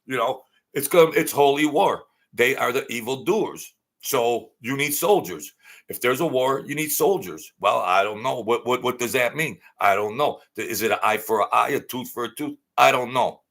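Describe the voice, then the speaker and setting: Man ranting bluntly, bright tense voice. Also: mid-range voice, normal speed. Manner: blunt, heated, repetitive. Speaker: online commentator. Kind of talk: ranting monologue.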